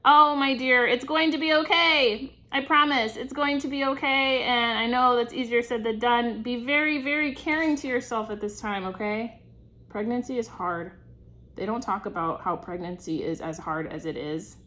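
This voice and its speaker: A woman's voice: fairly high pitch, moderate pace, pushed and bright. A young woman giving a casual tarot reading, chatty and reassuring, laughing often. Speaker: tarot reader.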